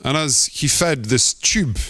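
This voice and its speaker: A man's voice: mid-range voice, animated, slow, sharp tone, dry recording. A man giving a theatrical, poetic performance talk as an artist on stage.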